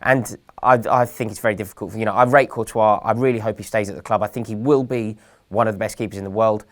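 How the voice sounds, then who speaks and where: A young man from England hosting a casual football chat, earnest and measured with a touch of dry sarcasm. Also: lowish voice, steady tone. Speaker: host.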